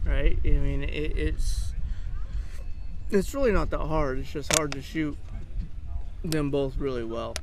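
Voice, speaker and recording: A man answering interview questions outdoors in a relaxed, thinking-aloud way. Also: a little high, measured pace, long pauses. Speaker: guest archer. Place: outdoors beside a competition field. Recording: outdoor noise in the background.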